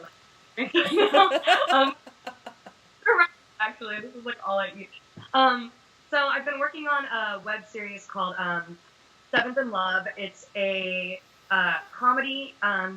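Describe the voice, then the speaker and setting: A young woman being interviewed as an actress, chatting casually and telling animated stories full of fillers. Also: medium pitch, low-quality recording.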